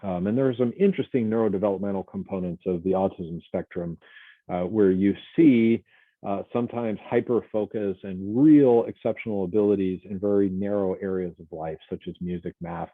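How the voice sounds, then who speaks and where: A man, a college instructor, giving a relaxed, conversational recorded lecture and acting out little example dialogues. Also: low voice, fairly quick, no echo. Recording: tinny, phone-like dry recording.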